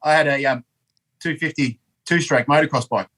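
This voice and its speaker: A man's voice: on the high side, moderate pace, a bit bright, slight background noise, rough recording. An Australian man telling a rambling story as a podcast guest, swearing often and full of energy. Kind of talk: casual storytelling.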